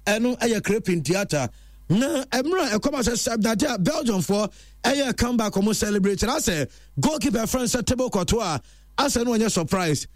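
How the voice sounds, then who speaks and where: High-voiced man reading football news. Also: animated, normal speed, dry recording, clean studio sound. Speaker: sports news presenter.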